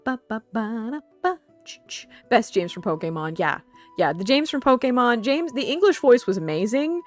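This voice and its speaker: Woman streamer, excitable and giggly, brightish voice, dry close mic, soft music underneath. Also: a little high, normal speed. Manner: giggly and excitable, laughs often. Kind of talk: casual live-stream chat.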